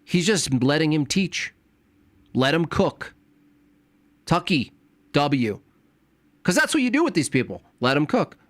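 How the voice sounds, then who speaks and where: A man's voice: on the high side, big pitch swings, unhurried, pauses often, no room sound. Sarcastic rambling man reacting. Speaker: streamer reacting to a video. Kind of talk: casual reaction commentary.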